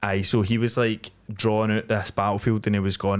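A man's voice: lowish voice, brisk, hardly any pauses. A young Scottish man hosting a podcast, telling a story in a loose, rambling way and swearing freely. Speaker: podcast host. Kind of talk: casual chat.

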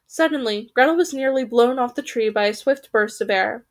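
A woman with a slightly high voice reads a storybook aloud for her podcast. She keeps the telling lively and now and then trips over a word, corrects it and goes on. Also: moderate pace, few pauses. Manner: lively, occasionally stumbling and correcting herself. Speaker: podcast reader.

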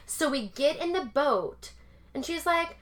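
A woman in her thirties from Southern California, co-hosting a casual chat show and telling an animated story, full of "like" and acted-out quotes. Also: high-pitched, a little slow. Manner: animated, acts out quotes, frequent "like" and "oh my God". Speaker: podcast co-host.

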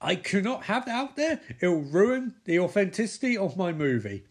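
A man putting on the voice of a loud, bossy middle-aged male FBI chief who rants and shouts orders. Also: sits high, sing-song, normal speed, husky, pitched above the performer's own voice, full character voice. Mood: ranting. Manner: shouting, ranting.

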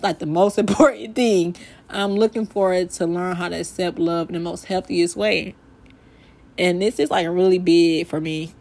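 A woman's voice: lowish voice, a little mellow. An emotional young woman talks on her faith podcast, close to tears. Her delivery is heartfelt and loose, full of "like" and repeated phrases. She ends up praying aloud. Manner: heartfelt, repetitive "like", ends in spoken prayer. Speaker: podcast host.

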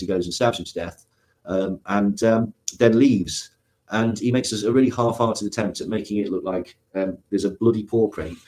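Male guest, low voice, animated raconteur who acts out the quotes. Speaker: guest author. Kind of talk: storytelling interview talk.

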